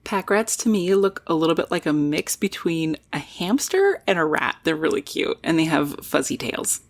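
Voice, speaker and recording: A woman's voice: low-pitched, sing-song, normal speed. A woman hosting a nature podcast, narrating in a scripted but chatty and playful way. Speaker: podcast host.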